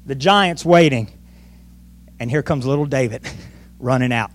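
A man's voice: medium pitch, unhurried. A male pastor preaching a sermon in church, telling a story with lots of energy and acting out the voices. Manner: animated storytelling, acts out voices.

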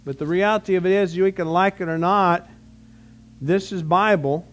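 A man preaches to his congregation, his voice sitting high for a man. He talks in a relaxed, conversational way, asking rhetorical questions and often restarting his phrases. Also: normal speed. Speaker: pastor. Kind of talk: sermon.

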